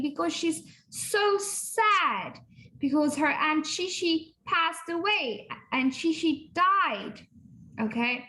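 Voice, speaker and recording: A woman's voice: high voice, expressive, slow pace, sharp tone, rough recording. A woman teacher reading a textbook dialogue with pupils, patiently explaining words and repeating phrases. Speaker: English teacher.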